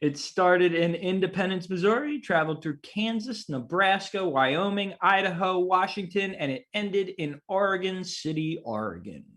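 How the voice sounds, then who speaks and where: A man's voice: high voice, expressive, moderate pace, hardly any pauses, a bit bright. A man hosting a casual trivia quiz, reading out questions and laughing along with the players. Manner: amused, laughs often while reading.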